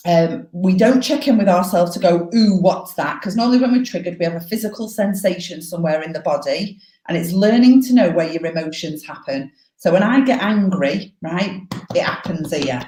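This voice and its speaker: A woman coaching live, explaining advice in a frank, animated way and swearing freely. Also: on the low side, brisk, hardly any pauses, reverberant, rough recording. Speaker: life coach.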